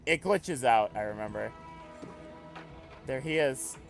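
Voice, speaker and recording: A young man reading a webcomic aloud on stream, breaking off into loud, animated asides. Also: medium pitch, slow pace, vocal fry, faint music behind. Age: young adult. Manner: animated, swings to loud excited rants.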